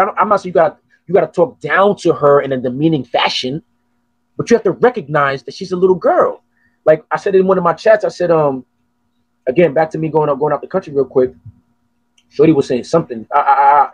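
A man hosting a podcast, telling stories in an animated, profane, casual way. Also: fairly high pitch, fast talker, husky, no room sound. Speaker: podcast host. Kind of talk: casual chat.

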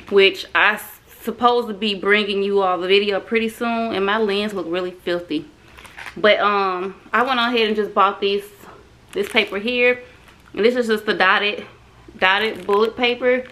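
A woman's voice: medium pitch, pushed and bright, low-quality recording. Chatty woman vlogging. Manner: chatty, drawling Southern slang, frustrated sighs. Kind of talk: casual vlog chat. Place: home and craft store.

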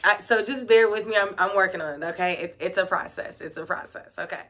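Young woman, casual vlog storytelling, chatty, lots of "like", bright tense voice. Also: medium pitch, brisk. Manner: chatty, fills talk with "like" and "um". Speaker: vlogger and middle-school teacher.

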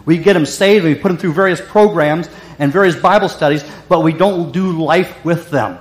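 Male pastor, sermon delivery, high voice, echoey hall sound. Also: moderate pace, few pauses. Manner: emphatic, repeats phrases, frequent restarts.

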